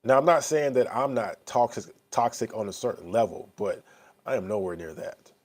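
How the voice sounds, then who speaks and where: A man's voice: medium pitch, animated, normal speed, darkish tone. A man in his thirties talking candidly to his viewers, rambling and blunt, swearing and often asking "you know what I'm saying.". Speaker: vlogger. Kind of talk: casual talk to camera.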